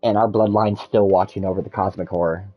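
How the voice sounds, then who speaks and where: Profane, rambling man with a low voice. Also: steady tone, brisk, no echo, muffled recording, faint music behind. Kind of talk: casual chat.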